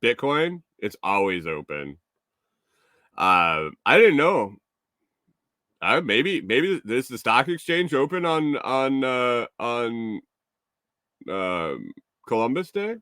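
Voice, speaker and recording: A man's voice: mid-range voice, very animated, takes it slowly, pauses often, bright, forceful tone, no echo, studio quality. A man hosting a casual morning show, telling a story with frequent chuckles and cursing, and reading out viewer comments. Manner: chuckles through his story, swears freely, reads viewer comments. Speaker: show host.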